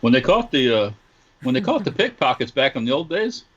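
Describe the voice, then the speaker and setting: A man's voice: on the high side, big pitch swings, brisk, fairly bright tone, husky, dull audio. A man co-hosting a podcast, speaking hesitantly with many ums. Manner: hesitant, many ums, drifts into mock preaching. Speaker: podcast co-host. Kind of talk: casual chat.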